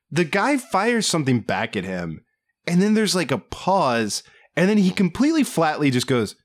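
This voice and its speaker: A man in casual podcast chat reviews a movie, his voice rising and falling in lively swings. He riffs with animated disbelief, piling up questions. His delivery stays conversational and quick to react. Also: fairly high pitch. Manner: animated, incredulous riffing. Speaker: podcast co-host.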